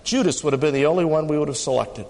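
A man preaching a sermon as pastor, swinging between fast punchy lines and slow emphatic ones. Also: a little mellow, in a large hall. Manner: dramatic rises and drops in pitch and pace.

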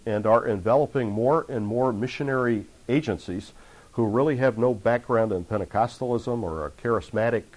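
A man preaching at a conference seminar, earnest and measured, with frequent fillers between phrases. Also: mid-range voice. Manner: earnest, reads accounts aloud with rising intensity. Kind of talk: conference sermon lecture.

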